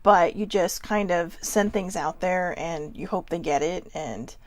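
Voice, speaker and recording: A woman hosting a self-help talk for viewers, close to tears and speaking haltingly, apologizing with nervous laughs. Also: lowish voice, dry recording. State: tearful, close to crying. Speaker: host.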